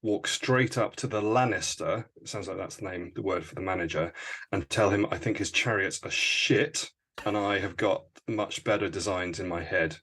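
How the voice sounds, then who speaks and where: Male podcast player, brash and playful, fairly low voice. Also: normal speed, a bit bright, husky. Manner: brash, playful, laughs a lot. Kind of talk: casual role-play banter.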